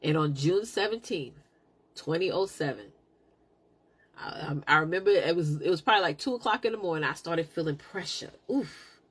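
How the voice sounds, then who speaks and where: A middle-aged woman hosting a live stream, telling a personal story in a casual, animated, preaching way. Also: lowish voice, a little fast, breathy edge. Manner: animated, preachy, laughs a lot.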